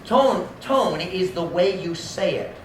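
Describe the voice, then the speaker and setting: A male pastor preaching with a high voice that leaps up and down across a wide range, now soft and now booming as he acts out harsh tones. His sermon mixes English and Cebuano. The sound carries the echo of a church room, with faint ambience behind him. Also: expressive, slow pace, slight background noise. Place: church sanctuary.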